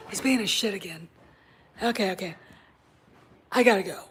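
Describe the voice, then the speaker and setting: A woman's voice: medium pitch, moderate pace, long pauses, slight background noise. A woman hosting a casual vlog, speaking bluntly with profanity and conspiratorial asides, at home. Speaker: channel host. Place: home with a puppy nearby.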